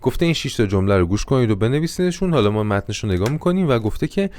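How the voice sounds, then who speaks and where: A male English teacher and native Persian speaker who teaches an online class. He works through textbook exercises, repeating English sentences slowly and then translating them quickly. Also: mid-range voice, very animated, darkish tone.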